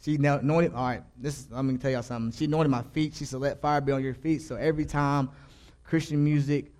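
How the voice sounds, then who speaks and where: A man's voice: mid-range voice, steady tone, quick pace, a little mellow. A young man giving a rambling, earnest spoken testimony in a casual, slangy way, often stopping to restart his sentences. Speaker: church youth giving testimony.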